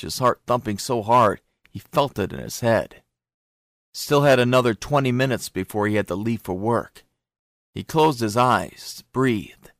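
Low-voiced male audiobook narrator. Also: no echo, studio quality.

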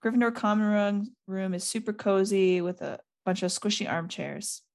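A woman's voice: medium pitch, fairly even intonation, moderate pace. A woman hosting a casual chat, giggly and chatty, retelling a novel and reading passages aloud. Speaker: podcast host.

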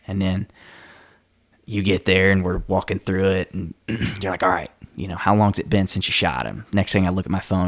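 A man telling a story in casual conversation, acting out the quoted lines and rambling with lots of fillers and restarts. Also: sits low. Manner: animated storyteller who acts out quoted dialogue; loose and rambling, many fillers and self-restarts.

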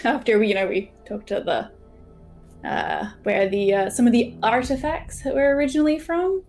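A woman's voice: fairly high pitch, expressive, normal speed, a little mellow, faint music behind. A woman player speaking casually and a little hesitantly during a tabletop game.

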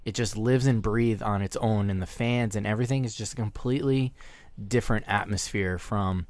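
A man's voice: lowish voice, no room sound. A man co-hosting a podcast interview, talking loosely and repetitively with a fan's enthusiasm. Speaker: podcast co-host.

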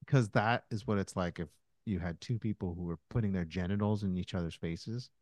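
Rambling low-voiced man telling stories. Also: a little fast, darkish tone, dry recording. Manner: rambling storyteller, many fillers and restarts. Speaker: podcast co-host. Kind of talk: casual chat.

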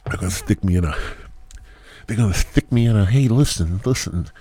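A man's voice: fairly low pitch, steady tone, brisk, mellow. A man hosting a podcast alone, talking in a profane, rambling comedic monologue that drifts into mumbled asides. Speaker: podcast host. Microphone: new headset mic.

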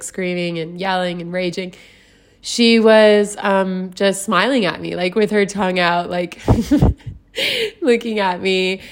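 Candid young woman sharing a personal story. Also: lowish voice. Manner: candid and emotional, many "like" fillers, laughs often. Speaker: vlogger.

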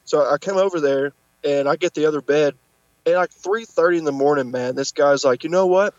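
A man's voice: fairly quick, no echo. A man guest on a podcast, telling a story casually and acting out the people he quotes. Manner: animated, acts out quotes with pitch jumps. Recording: dull lo-fi podcast audio.

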